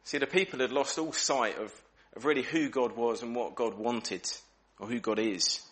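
A man preaching an evening church sermon, acting out questions in lively voices. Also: mid-range voice, moderate pace.

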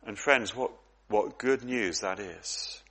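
A man's voice: lowish voice, slow, pushed and bright. A man preaching a sermon, earnest and reflective, often repeating words as he goes.

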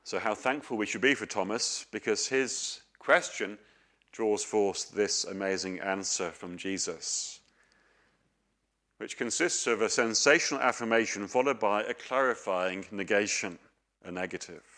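A man's voice: on the low side, measured pace, bright, forceful tone. A middle-aged man preaching a sermon, earnest and questioning, with homely stories.

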